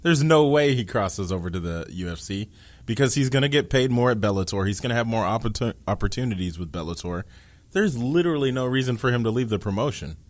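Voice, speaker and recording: A man's voice: medium pitch, lively intonation, fast talker. A man co-hosting a combat sports podcast, chatting casually with wry, dry quips. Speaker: podcast co-host.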